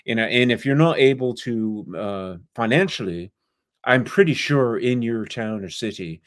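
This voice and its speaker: A man's voice: medium pitch, animated, moderate pace, dry recording, clean studio sound. A man from England, an author guest on a podcast, telling rambling stories full of asides. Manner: rambling, storytelling with fillers and asides. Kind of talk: casual interview storytelling.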